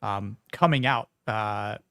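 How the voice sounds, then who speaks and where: A man's voice: on the low side, slow, a bit bright, dry recording, studio quality. A man hosting a casual podcast discussion, hesitant and full of fillers and restarts. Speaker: podcast host.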